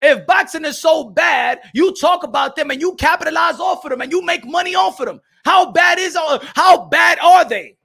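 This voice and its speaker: High, gravelly, bright ranting man. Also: normal speed, few pauses. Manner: loud, profane, mocking; mixes in Spanish phrases. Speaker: boxing commentator. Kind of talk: ranting commentary.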